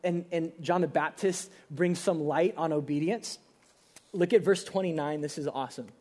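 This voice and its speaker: A man's voice: on the high side, normal speed, mellow. A young adult man, a pastor, preaching a casual but emphatic sermon with rising bursts of energy.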